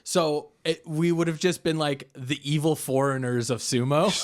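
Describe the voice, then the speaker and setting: A man co-hosting a podcast, pitching a movie in casual comedic chat and slipping into goofy put-on voices. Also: a little slow. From born in Japan. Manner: playful, slips into goofy put-on voices and shouts.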